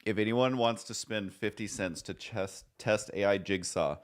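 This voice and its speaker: A man's voice: on the low side, moderate pace. A man streaming live, chatting casually and rambling, joking at his own expense and swearing now and then.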